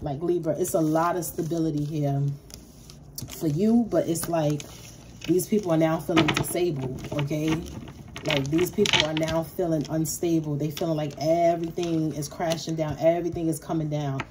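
Woman tarot reader, mellow lowish voice, blunt and swearing, faint hiss behind. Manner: blunt, profane, emphatic and repetitive. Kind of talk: casual tarot reading.

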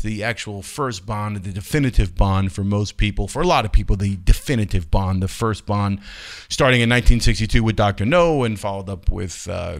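A man hosting his own film channel, talking casually in a rambling, chatty way with many fillers and restarts. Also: on the low side. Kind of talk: casual vlog talk.

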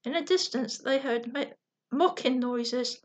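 A woman with a high voice reads a bedtime story aloud. She goes gently and steadily, now and then stumbling and correcting herself. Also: unhurried. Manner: gentle reading with slips and restarts.

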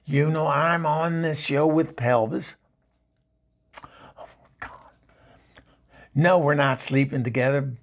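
Guy doing a raspy lady on the phone, sassy, fed up, stammery comedy bit. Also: a little high, fairly even intonation, slow, pauses often. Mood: exasperated. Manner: exasperated, sassy put-downs, flustered stammering. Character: sassy Southern divorced woman, much-married, sharp-tongued. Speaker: comedy show regular. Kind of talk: comedic phone-call monologue.

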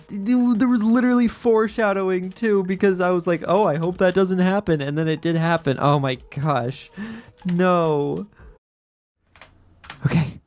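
A man's voice: sits high, fairly even intonation, unhurried, darkish tone, faint music behind. A young man giving frustrated, exasperated commentary while playing a game, with repeated outbursts and complaints. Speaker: gaming streamer. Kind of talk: raging gameplay commentary.

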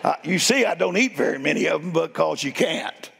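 A man preaching as a guest in a church, telling stories in a playful, animated way and laughing along. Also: fairly high pitch, fairly quick, creaky. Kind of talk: storytelling sermon. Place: church sanctuary. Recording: long reverb of a church hall.

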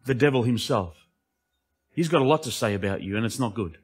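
A male pastor preaching an impassioned sermon that swings between emphatic lines and hushed asides. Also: mid-range voice, animated, brisk, breathy edge.

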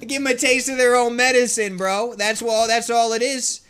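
A young man streaming a shooter game, trash-talking opponents and cheering his own plays with brash, excited commentary. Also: very high-pitched, normal speed, few pauses. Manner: brash trash talk with excited yelps and laughs. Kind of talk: live gameplay commentary. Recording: noisy game audio behind voice. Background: gunfire from the game.

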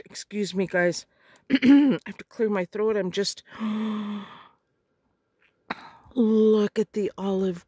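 Brief: slow-paced woman crafter gushing over her unboxing; dry close sound. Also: medium pitch, a little mellow, no room sound. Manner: gushing, gasping, frequent exclamations. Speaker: crafter on a design team. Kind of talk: casual unboxing vlog.

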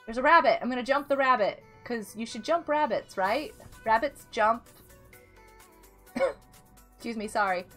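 A woman streamer chats her way through a game, giggling often and calling out viewers by name. Her voice sits high and bright. Faint music plays under her. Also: moderate pace, long pauses. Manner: chatty, giggly, greets chat by name. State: unwell. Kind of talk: live game stream chat.

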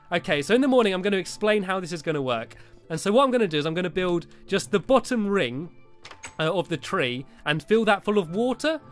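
A man chats his way through a building game, giggling and coaxing his helpers along. His voice sits high for a man. Soft game music plays faintly behind him. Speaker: Minecraft video host. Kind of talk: casual gameplay commentary.

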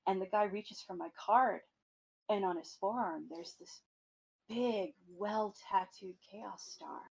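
A woman hosting a podcast, telling stories in a casual, animated way with plenty of swearing. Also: medium pitch, slow pace, vocal fry, breathy edge, rough recording. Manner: animated storytelling with profanity. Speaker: podcast host.

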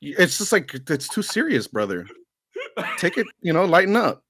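A man's voice: high-pitched, huge pitch swings, normal speed, a bit bright, a little hiss or hum. A man on a stream panel, teasing the others in a playful way. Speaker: panel guest.

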